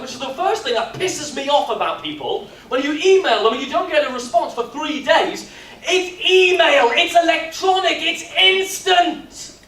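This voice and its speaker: A man leads a business workshop, telling his stories with a lively, joking delivery. His voice sits high and swings widely in pitch. He is picked up from across an echoey expo hall with a faint hum of ambience behind him. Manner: lively storyteller, jokey and animated. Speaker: workshop speaker. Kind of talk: live workshop talk with comic storytelling. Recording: echoey hall, mic from far off.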